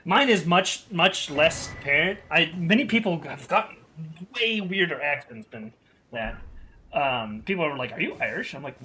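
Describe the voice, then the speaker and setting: A man's voice: on the high side, a little slow, a little hiss or hum. Swearing Spanish-native male game streamer. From South America. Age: 30s. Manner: swears a lot, excitable outbursts. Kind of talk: casual gameplay commentary.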